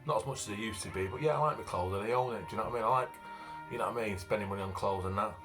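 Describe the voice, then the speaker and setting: A man's voice: lowish voice, racing. A man in his fifties from Manchester with a broad Manchester accent, talking about himself in a blunt, plain-spoken casual monologue full of fillers. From Manchester, England. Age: 50s. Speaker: vlogger and author. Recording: faint background music.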